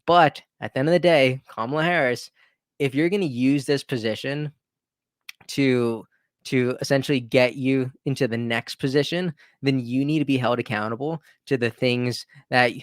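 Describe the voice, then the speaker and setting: Speaking at medium pitch, a man hosting his own political commentary video keeps things conversational, restarting often and tossing in emphatic rhetorical asides. The studio sound is clean, with no echo.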